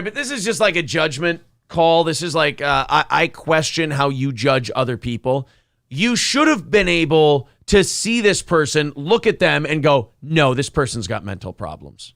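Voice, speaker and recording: A man's voice: fairly high pitch, sing-song, normal speed, vocal fry, a bit bright, no echo, studio quality. A man co-hosting a morning talk show, bantering crudely and sarcastically and reading out chat comments. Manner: sarcastic, profane, mocking voices for animals.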